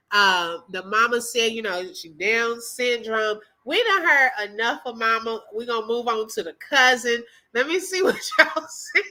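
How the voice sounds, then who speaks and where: A woman's voice: fairly high pitch, bright, forceful tone, rough recording. A woman hosting a reaction channel, reacting to clips in casual commentary, laughing often and exclaiming in drawling slang asides.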